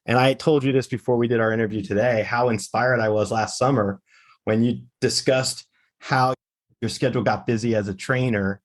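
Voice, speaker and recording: Earnest man interviewer. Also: on the low side. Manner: earnest, measured, sets up questions. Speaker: co-host, interviewer. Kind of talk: interview questions.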